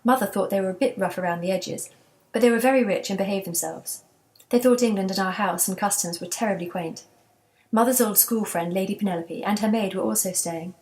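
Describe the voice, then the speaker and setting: A woman's voice: mid-range voice, brisk, a little mellow, close to an everyday voice. Woman reading as a wistful old grandmother. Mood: reminiscing. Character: wistful elderly grandmother recalling childhood.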